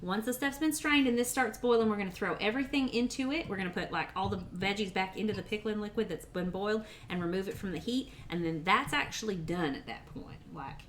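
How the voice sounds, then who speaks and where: A woman's voice: medium pitch, a little fast, hardly any pauses, slight background noise. Chatty woman cooking on stream. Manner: chatty, talks to chat while cooking. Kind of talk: casual cooking livestream chat. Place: home kitchen. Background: pots, pans and dishes clattering.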